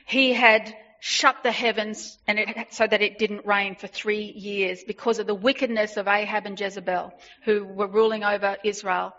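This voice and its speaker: A woman preaching a sermon, retelling a story with animated emphasis and repeated phrases. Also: mid-range voice, normal speed, hardly any pauses. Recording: dull lo-fi sound.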